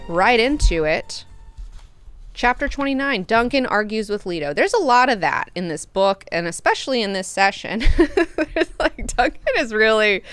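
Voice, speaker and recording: A woman hosting a book club, recapping chapters in a chatty, animated, profane way. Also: on the low side, clean tone, no echo.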